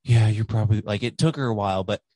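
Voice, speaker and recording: A man's voice: on the low side, quick pace, warm tone, no room sound. A man hosting a podcast, talking casually and rambling with many fillers and restarts, swearing now and then. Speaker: podcast host. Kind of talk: casual conversation.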